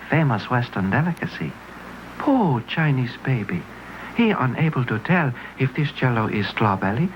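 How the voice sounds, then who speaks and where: A hushed, whispering narrator of an old cartoon commercial, speaking in broken English with a voice that swoops up and down, as a man puts him on. The sound is dull and muffled like a vintage TV track, with faint hiss behind it. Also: a little high. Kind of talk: 1950s animated TV commercial narration.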